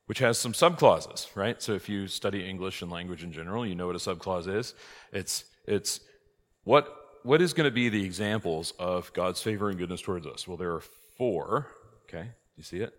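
Low-voiced male priest teaching a class, lively and questioning, in a reverberant hall. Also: moderate pace. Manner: lively, rhetorical questions, emphatic outbursts. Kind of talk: conversational church class teaching. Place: church hall.

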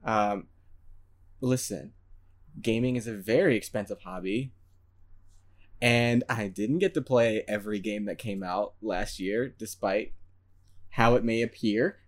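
A man's voice: fairly low pitch, unhurried, long pauses. A man co-hosting a podcast, chatting casually with playful, giggly banter. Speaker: podcast co-host. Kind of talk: casual chat.

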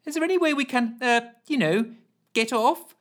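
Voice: medium pitch, normal speed, pitched above the performer's own voice, lightly acted. A narrator voicing a polite, hesitant woman pilot under strain.

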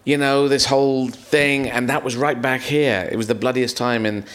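Male comedian guest, sprawling animated anecdotes with voiced quotes, middle pitch. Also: moderate pace. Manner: rambling, animated storytelling with acted-out quotes and swearing. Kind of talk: live podcast conversation.

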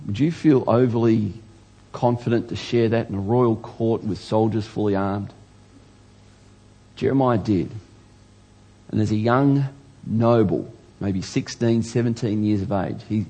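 A man's voice: fairly low pitch, a little slow, mellow, breathy edge. A man preaching a sermon in an earnest way, often restarting words and pressing questions to his listeners. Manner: earnest, stammers and restarts, rising emphasis on questions.

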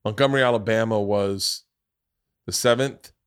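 A man's voice: on the low side, moderate pace, clear, resonant tone, no room sound, studio quality. A man hosting a podcast, telling a long rambling story in casual chat, swearing freely. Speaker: podcast host.

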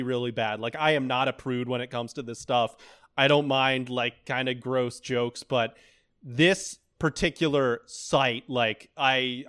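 A man co-hosting a podcast, giving his opinions in relaxed, thoughtful casual chat. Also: medium pitch. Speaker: podcast co-host.

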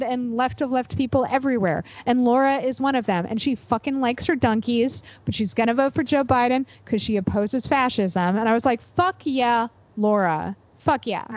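A woman co-hosting a podcast chat, lively and emphatic, cursing for effect. Her voice sits a little high. The sound is dry and close, with no room in it. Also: no echo, low-quality recording. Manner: animated, profane, emphatic. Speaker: podcast co-host. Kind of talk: casual chat.

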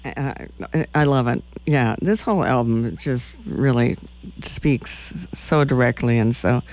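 A man's voice: mid-range voice, unhurried, darkish tone. A man hosting a radio interview, sounding enthusiastic about the guest and laughing often. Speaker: radio host.

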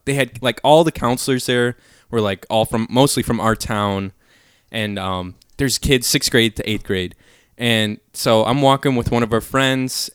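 A young man in his twenties co-hosting a casual podcast chat, telling stories with lively swings into loud put-on voices. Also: mid-range voice, smooth, dry recording, studio quality. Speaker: podcast co-host.

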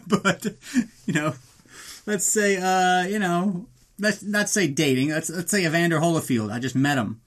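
A man's voice: a little high, fairly bright tone. Ranting, profane man recapping a movie. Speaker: movie reviewer.

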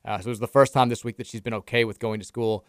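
Smooth-voiced man on sports radio. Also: medium pitch, very fast, dry recording, clean studio sound. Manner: relaxed, self-deprecating storytelling about family. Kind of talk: casual sports radio banter. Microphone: studio microphone.

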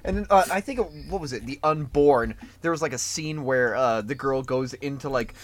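A man co-hosting a podcast in casual chat, joking and acting out scenes with loud put-on voices. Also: medium pitch, moderate pace. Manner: animated, mocking, acts out scenes with loud voices. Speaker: podcast co-host.

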